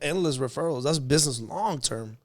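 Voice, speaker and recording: A man hosting a podcast, telling stories in casual chat and getting animated as he goes. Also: a little high, fairly quick, dry recording. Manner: animated storytelling, gets excited. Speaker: podcast host.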